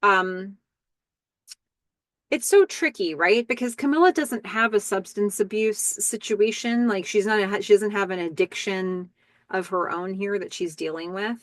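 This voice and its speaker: A woman's voice: mid-range voice, unhurried, no echo. Chatty woman podcast host, dry sound. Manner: chatty, quotes the characters in her own voice. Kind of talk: casual recap commentary.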